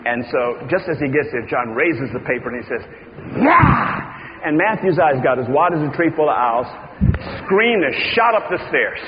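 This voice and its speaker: A high-voiced man preaches with dramatic swings from near-whispers to ringing shouts. His sermon rolls around a big reverberant church hall. The recording is dull and slightly muffled, with a faint hiss underneath. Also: expressive, a little fast.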